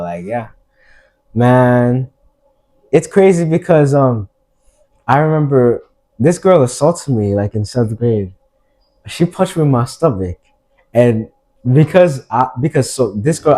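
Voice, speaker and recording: A man's voice: lowish voice, mellow, rough recording. A young man co-hosting a casual podcast chat, laid-back, with frequent affirming murmurs.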